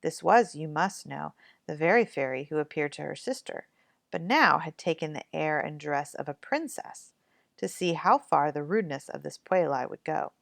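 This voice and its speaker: A woman narrates a fairy tale in a lively storybook voice. Her voice sits low with a gravelly edge. It rises and falls widely, recorded close in a dry room. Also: normal speed, dry recording. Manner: lively, expressive reading. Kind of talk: storybook read-aloud.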